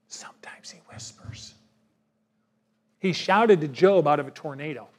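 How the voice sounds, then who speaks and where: A man delivers a sermon in a voice that sits noticeably high for a man. He reads scripture and questions his listeners, pressing on some lines and dropping almost to a hush on others. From United States. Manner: emphatic, swings from loud to hushed, asks the congregation questions. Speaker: pastor.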